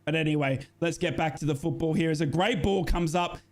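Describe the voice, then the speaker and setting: A man giving live, excitable football commentary as host, jokey and prone to shouting and gushing at big moments. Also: a little high, fairly quick.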